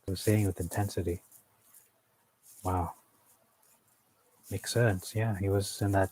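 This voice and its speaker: A man's voice: low-pitched, fairly even intonation, moderate pace, long pauses, a little mellow, breathy edge, rough recording. A man leading an informal Bible study, thinking aloud as he explains what words mean, with frequent fillers.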